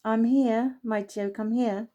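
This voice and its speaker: A woman's voice: a little high, steady tone, measured pace, warm tone, highs cut off, lightly acted. A woman voicing a meek young female house cat, sulky and timid, in a storybook reading.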